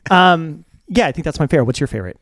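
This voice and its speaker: A man's voice: fairly high pitch, racing, no room sound, clean studio sound. A young man co-hosting a music video countdown in casual, joking chat, laughing often. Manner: lively, jokey, laughs often.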